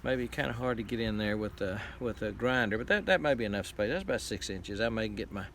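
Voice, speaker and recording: A man from Texas hosting a casual repair video outdoors on a farm, talking in a plainspoken, halting way with many fillers. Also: on the low side, fairly bright tone, slight background noise. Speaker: farm channel host.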